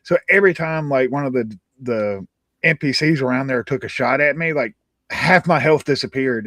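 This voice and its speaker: A man with a mid-pitched voice tells a gaming story in lively bursts, swearing when he gets worked up. The sound is dry and close. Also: moderate pace, dry recording. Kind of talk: casual gaming chat.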